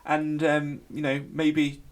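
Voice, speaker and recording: A man co-hosting a casual podcast chat, animated and jokey. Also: a little high, slow pace, clear, resonant tone. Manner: animated, jokey, bursts into sung tunes and mock shouts. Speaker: podcast co-host.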